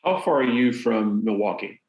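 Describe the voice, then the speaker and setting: A lower-pitched man with a Southern accent moderates a panel. His voice sounds roomy and echoey, and he keeps things light with teasing jokes. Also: a little mellow. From Southern California. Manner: affable, teasing, quick with jokes. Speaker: panel host. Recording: roomy echo.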